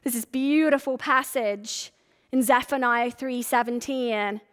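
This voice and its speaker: A woman preaches to her church in a loose, chatty way and slips into quick voiced asides. Her voice sits high. The sound carries a long reverb from the sanctuary. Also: clear, resonant tone. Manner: casual, animated preaching with quoted asides. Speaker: pastor. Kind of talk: sermon.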